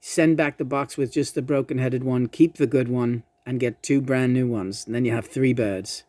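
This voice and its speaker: Profane, quick-tempered woman reader. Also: a bass voice, fairly even intonation, mellow, no echo. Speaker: psychic reader. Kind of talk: casual reading vlog.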